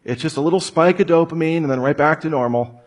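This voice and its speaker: A man's voice: fairly high pitch, quick pace. A man giving a humorous lecture to an audience, full of rhetorical questions and joking asides. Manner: rhetorical questions, jokey asides, mock voices. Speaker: speaker giving a talk.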